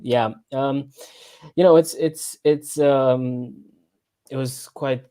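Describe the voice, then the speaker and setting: A man's voice: medium pitch, slow pace, mellow, clean tone. Stammering, rambling football livestream host man. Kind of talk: casual football podcast chat. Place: home room, lives abroad.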